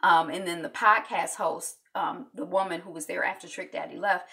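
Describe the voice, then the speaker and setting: A woman's voice: fairly low pitch, fairly even intonation, moderate pace, vocal fry, sharp tone, distant mic. A woman chatting casually as she recaps a reality show episode for her channel, full of fillers and acted-out quotes.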